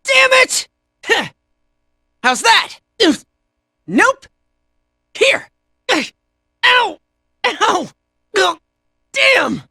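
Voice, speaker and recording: A brash young video game fighter, played by a woman, trades quick shouted battle cries and smug taunts. The voice sits very high and swings widely in pitch. It is recorded close and dry, with no room around it. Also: very animated, gravelly, dry recording, exaggerated voice. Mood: hurt and cocky. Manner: shouted short battle cries, cocky and jokey.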